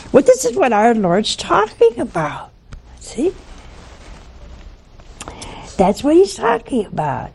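A woman's voice: on the high side, vocal fry, dark tone, slight background noise. A woman preaching a televised sermon in a folksy, teasing way, full of rhetorical questions to her viewers.

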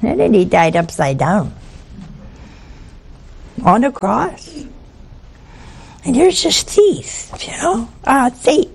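Speaking very slowly in a fairly high, sing-song voice that's gravelly and creaky, this woman preaches a televised sermon. Her manner is folksy and teasing, and she constantly throws rhetorical questions at her viewers.

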